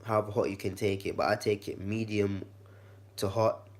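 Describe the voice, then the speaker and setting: Speaking at a moderate pace in a steady, fairly low voice with some croakiness and congestion, a vlogger gives an easygoing kitchen how-to. He talks to the viewer like a friend.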